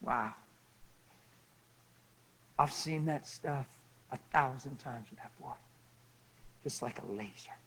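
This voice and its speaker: A man preaching, telling a lively story and acting out the people in it, often laughing as he goes. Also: medium pitch, slow pace, pauses often, slight background noise, rough recording. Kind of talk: animated storytelling sermon.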